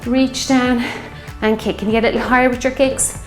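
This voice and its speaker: A fairly high-voiced woman in her fifties coaches a workout class, calling out moves and cheering her class on. She sounds a little breathless at times. Her voice rings in an echoey room with music playing underneath. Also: level tone, brisk. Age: 50s. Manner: encouraging, upbeat cues over exercise. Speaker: fitness instructor.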